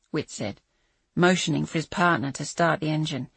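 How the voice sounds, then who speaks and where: Woman narrator, husky and dry, measured dramatic thriller reading. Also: deep voice, a bit bright, no room sound. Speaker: audiobook narrator. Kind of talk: scripted narration.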